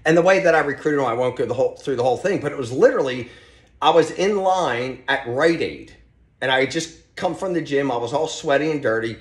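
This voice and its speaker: Man, podcast guest, lively motivational storyteller, mid-pitch voice, roomy echo. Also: brisk. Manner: animated storyteller, motivational, talks in loose restarts. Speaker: podcast guest, real estate team leader.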